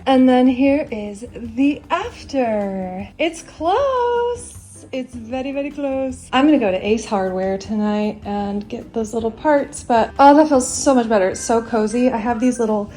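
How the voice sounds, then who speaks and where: Brief: young woman, high bright voice, chatty upbeat home vlogger thinking aloud while tidying. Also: moderate pace, few pauses. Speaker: lifestyle vlogger. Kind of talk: casual thinking-out-loud vlog. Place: apartment room with a loud air conditioner.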